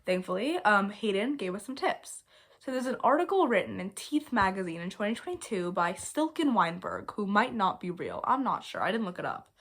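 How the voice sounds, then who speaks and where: A young woman hosting a casual vlog, chatty and playful, often mocking herself and jumping between loud and soft. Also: mid-range voice, big pitch swings, brisk. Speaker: video host.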